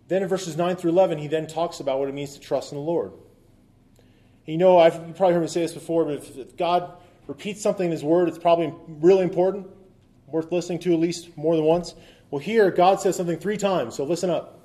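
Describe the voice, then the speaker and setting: A man's voice: fairly high pitch, fast talker, warm tone. A man preaching a sermon as pastor, talking conversationally with asides and quips, and reading scripture aloud with emphasis.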